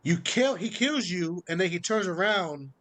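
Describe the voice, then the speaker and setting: High-voiced excited man chatting games. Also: normal speed. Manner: excited, swears freely, laughs while retelling scenes. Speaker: podcast co-host. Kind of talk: casual chat about video games.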